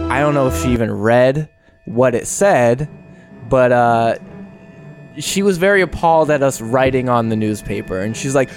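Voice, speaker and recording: A young man co-hosting a casual podcast, telling a school story with lively acted-out quotes. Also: mid-range voice. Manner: animated, acts out quoted voices, laughs often. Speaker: podcast co-host.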